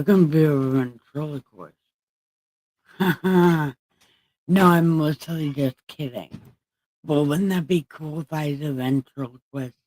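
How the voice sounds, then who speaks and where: A woman hosts a casual livestream, talking slowly in a husky voice. She rambles playfully and circles back to the same phrases, with easy laughter between them. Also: low-pitched, darkish tone, poor audio. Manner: playful, rambling, repeats herself, laughs often. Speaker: livestream host.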